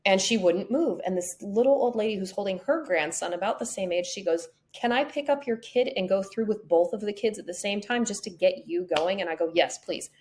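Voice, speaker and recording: A woman hosting a podcast in a relaxed, conversational way. She tells stories with a lot of life and acts out the voices of the people in them. Her pitch is in the middle of the range for a woman. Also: a little fast, hardly any pauses. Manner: animated storyteller acting out quotes. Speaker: podcast host. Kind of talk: casual conversation, storytelling.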